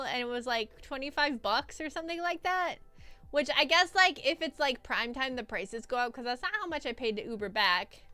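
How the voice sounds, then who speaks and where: A high, bright young woman recounting a trip in a casual streamer recap. Her voice is clear and smooth, close to the mic in a dry room. She rambles, restarts, and laughs often as she goes. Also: lively intonation, brisk, no echo. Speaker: vtuber streamer.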